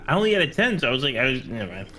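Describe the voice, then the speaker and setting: A man's voice: mid-range voice, big pitch swings, racing, sharp tone. A man playing in a tabletop game, talking casually and hesitantly. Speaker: player.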